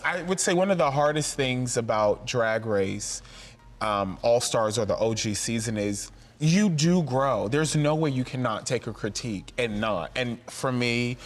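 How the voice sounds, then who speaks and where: A man, a drag queen guest, talking expressively in a casual interview and acting out other voices. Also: fairly low pitch.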